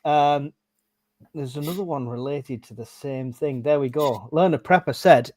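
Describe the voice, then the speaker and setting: A man's voice: mid-range voice, normal speed, a little mellow, no room sound. A man hosting a casual live stream, reading out viewer questions, teasing his guests and laughing often.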